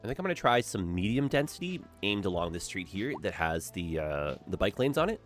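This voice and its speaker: A man's voice: deep voice, brisk, faint music behind. Stuffy-nosed man streaming a game. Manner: relaxed thinking aloud. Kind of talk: casual gameplay commentary.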